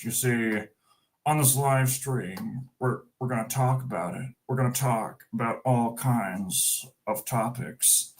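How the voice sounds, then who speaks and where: Speaking slowly at a medium pitch, this Scottish livestream host chats casually. He rambles with fillers, joking and giggling as he goes.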